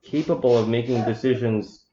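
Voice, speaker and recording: A man's voice: medium pitch, normal speed, dark tone, echoey room. A man with an ordinary mid-range voice chats loosely on a podcast, wandering through his stories and breaking into laughter as he talks. The room rings around him. The audio is dull and lo-fi. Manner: rambling, laughs mid-sentence, swears casually. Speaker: podcast co-host. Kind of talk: casual podcast chat.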